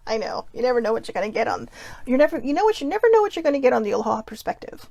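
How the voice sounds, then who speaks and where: A woman hosting a casual self-help talk, chatty and rambling, with quiet asides slipped in. Her voice has a gravelly fry to it. The sound is close and dry, with no room around it. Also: on the high side, expressive, quick pace, no echo. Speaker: host.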